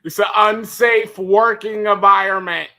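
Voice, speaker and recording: A man co-hosting a podcast, reacting to wrestling news with laughter and drawn-out disbelief. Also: sits high, fairly even intonation, bright, forceful tone. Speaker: podcast co-host. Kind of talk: casual wrestling chat.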